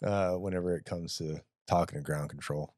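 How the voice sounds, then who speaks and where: A man's voice: low voice, fairly quick, no room sound, clean studio sound. A man who flies as an airline pilot, chatting casually and acting out radio calls. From United States. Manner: relaxed storytelling, acts out radio calls. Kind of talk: casual chat.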